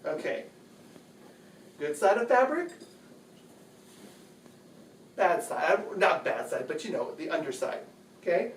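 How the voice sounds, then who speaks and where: A man's voice: fairly high pitch, a little hiss or hum. Man explaining chores in an echoey room. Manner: chatty, patient, repeats phrases. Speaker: home video host. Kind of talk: casual how-to demonstration. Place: bedroom at home. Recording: echoey room, distant mic.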